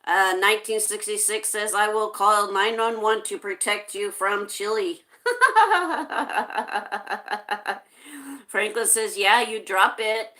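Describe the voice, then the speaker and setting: A woman's voice: mid-range voice, level tone, unhurried, few pauses, sharp tone. A woman hosting a casual livestream, reading viewer comments aloud and greeting people in a friendly way. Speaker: livestream host reading chat.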